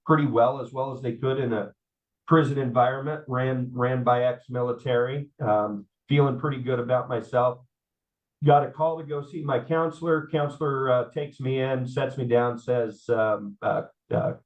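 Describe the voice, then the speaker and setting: A man, telling his life story in an interview, halting with many fillers and repeats. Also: mid-range voice. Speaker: guest. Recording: slightly dull audio.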